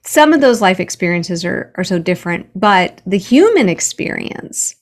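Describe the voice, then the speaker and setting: A woman's voice: lowish voice, expressive, moderate pace. An earnest woman author telling stories as a guest, often restarting her sentences. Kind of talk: conversational interview.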